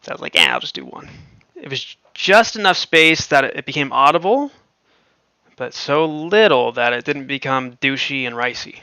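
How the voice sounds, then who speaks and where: A man's voice: mid-range voice, animated, moderate pace, pushed and bright, clean tone, no echo, highs cut off. A man hosting a livestream, chatting casually and rambling with lots of fillers and frequent laughs. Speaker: livestream host.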